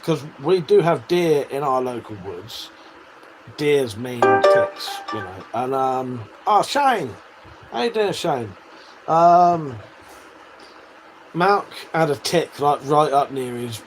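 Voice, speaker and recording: A man's voice: mid-range voice, sing-song, takes it slowly, faint music behind, low-quality recording. A man hosting a casual livestream, reading out viewer messages and chatting back in a sweary, matey way with frequent laughs. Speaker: livestream host.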